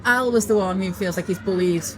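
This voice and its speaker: A woman's voice: mid-range voice, fairly quick, crowd noise, poor audio. A woman co-hosting a casual film podcast, chatty and opinionated, swearing casually and laughing often. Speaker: podcast co-host.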